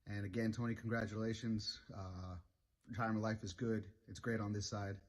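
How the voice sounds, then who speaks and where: Low-voiced man, halting and sincere. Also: steady tone. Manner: halting and sincere, frequent uh fillers. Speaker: retired Navy chief giving a video tribute. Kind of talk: recorded video message.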